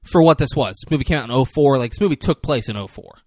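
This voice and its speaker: A man co-hosting a podcast, recapping a movie in casual chat and jumping between quick voices for the characters. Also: medium pitch, dry recording, clean studio sound. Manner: animated retelling with quick voice shifts. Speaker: podcast co-host.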